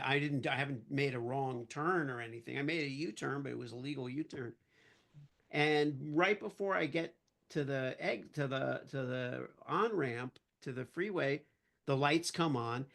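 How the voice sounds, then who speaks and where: A man guest on a podcast, telling a casual anecdote in an animated way and acting out the voices of the people in it. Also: medium pitch, vocal fry. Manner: animated storyteller who acts out quoted voices.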